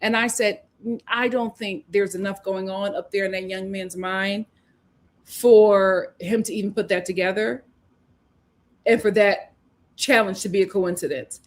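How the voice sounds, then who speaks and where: A woman's voice: medium pitch, steady tone, unhurried. A woman hosting a live recap show, talking emphatically and reading out viewers' comments as she gives her opinions. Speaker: host.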